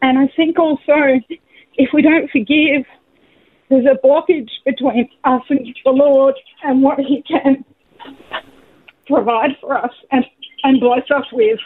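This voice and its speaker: A middle-aged woman calling in to a radio show, sharing a personal story in an emotional, halting, heartfelt way. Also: sits high, steady tone. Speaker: caller. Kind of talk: phone-in testimony. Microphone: phone. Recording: tinny phone line with faint noise.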